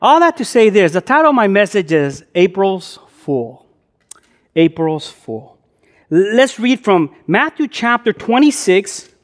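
A male pastor opening his sermon with a casual, chatty story full of slang and fillers, animated as he acts out the action. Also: a little slow. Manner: animated, jumps high in pitch when acting out excitement. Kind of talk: sermon opened with a casual told anecdote.

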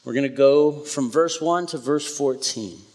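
Slow, soft-spoken man preaching in a church hall. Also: medium pitch. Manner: soft-spoken, halting, with many fillers and restarts. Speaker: pastor's son filling in as preacher. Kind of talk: church sermon with prayer and scripture reading. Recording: live church recording with long hall reverb.

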